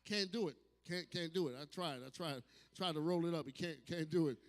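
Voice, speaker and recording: On the high side and brisk, the voice belongs to a New Orleans, USA comedian in his fifties doing a stand-up set. Loud, brash, and profane, he throws in sudden shouts and acted asides before a live crowd at a distillery bar, recorded with club-room hall reverb.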